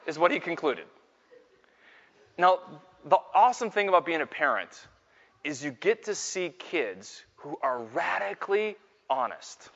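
A middle-aged man gives a lively faith talk to a full room, spinning self-mocking stories that climb into loud exclamations. His voice sits on the high side for a man, and it rings with a long reverb in a big hall. The recording is dull and lo-fi. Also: unhurried, gravelly. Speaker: Catholic speaker and Scripture teacher. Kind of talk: live faith talk with storytelling. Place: large hall with a live audience.

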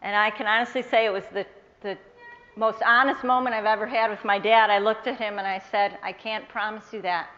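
A woman telling a personal faith testimony to an audience, earnest and measured, quoting the people in her story. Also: medium pitch, fairly even intonation, a bit bright, long reverb tail, highs cut off. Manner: earnest, measured storyteller who quotes others in her tale.

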